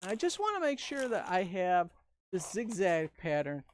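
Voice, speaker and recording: A balloon artist and instructor teaches a live-stream craft tutorial in a mid-range, sing-song, slightly mellow voice at normal speed. She's chatty and upbeat, talking through each step as she works and tossing playful asides and jokes to viewers. There's a little hiss or hum in the audio.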